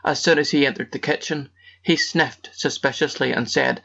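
A man tells a fairy tale in scripted storybook narration with a gravelly texture and mid-range pitch. His delivery is measured and rhythmic. The recording sounds dull and lo-fi. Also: bright, forceful tone.

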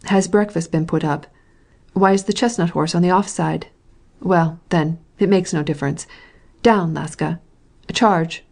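A woman reading the lines of a brisk, impatient male landowner, in a curt, commanding way. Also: on the low side, a little mellow.

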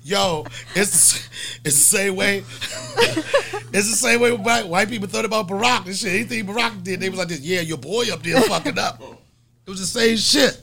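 A man hosting a podcast, telling stories in loud, animated, laughing comedic banter. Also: high-pitched, moderate pace, creaky, a little hiss or hum. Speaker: podcast host.

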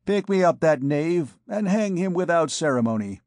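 A man's voice: a little high, expressive, normal speed, a little mellow, no room sound, voice pushed up, lightly acted. A man reading an audiobook, voicing a commanding male vagabond king who makes stern, repeated threats. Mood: threatening.

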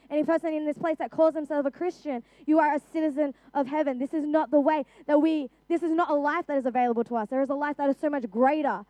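A young Australian woman gives a youth sermon in a high, clear voice. She talks earnestly and casually, often restarting phrases and dropping in "like". The sound is close and dry, with no room around it. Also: warm tone, dry recording. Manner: earnest, conversational, with frequent restarts and "like". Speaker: youth preacher.

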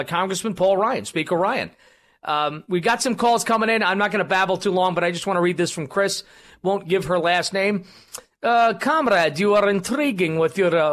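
A man's voice: sits high, fairly bright tone. A man hosting a political talk radio show, rambling with many fillers and restarts. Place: radio studio.

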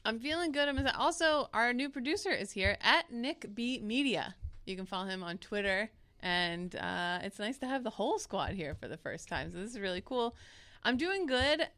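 A woman's voice: fairly high pitch, expressive, normal speed, bright, forceful tone. A woman in her thirties co-hosting a casual podcast, talking frankly with self-mocking humor. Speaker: podcast co-host.

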